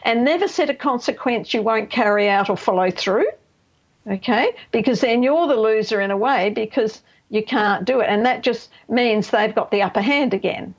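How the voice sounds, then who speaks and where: A woman's voice: fairly high pitch, normal speed. A middle-aged woman counsellor explaining boundary-setting as a radio guest, emphatic and checking in with "right?" and "you know". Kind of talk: radio interview. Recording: slightly dull lo-fi radio audio.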